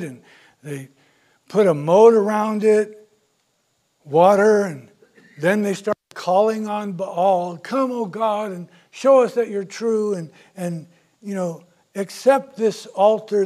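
A male pastor preaching a sermon, retelling scripture stories with big swings from loud to soft. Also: high-pitched. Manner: storytelling, dramatic swings in loudness.

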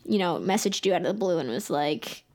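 A woman's voice: fairly low pitch, expressive, brisk, a little mellow. Teasing young woman, jokey and sarcastic. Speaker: podcast co-host. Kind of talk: casual chat.

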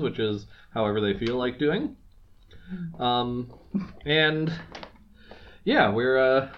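A man's voice: on the high side, slight background noise. Rambling male podcast co-host, muffled sound. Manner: chatty, rambling with restarts and fillers. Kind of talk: casual chat.

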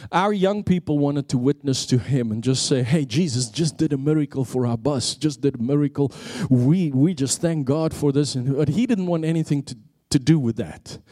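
A middle-aged man from South Africa preaching a sermon, telling a story and building to excited peaks before dropping into a hushed prayer. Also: medium pitch, moderate pace, hardly any pauses, no echo, studio quality.

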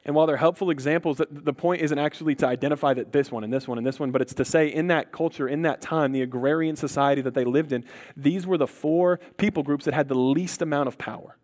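A pastor delivers his sermon with earnest conviction, his voice a little higher than most men's. He sinks quietly on the words he wants to land and playfully nudges the congregation when they miss an easy answer. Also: quick pace.

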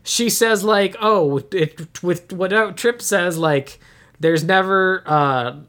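A man's voice: high voice, slow pace, fairly bright tone. Rambling man recapping a movie. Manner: rambling, many filler "like"s and restarts. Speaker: podcast co-host. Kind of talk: casual chat recapping a movie.

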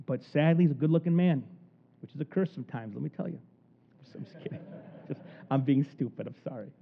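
A man preaching a sermon in an animated storytelling manner, acting out the people in the story. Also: a little high, fairly quick, creaky, slight background noise. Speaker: pastor. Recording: tinny phone-like recording.

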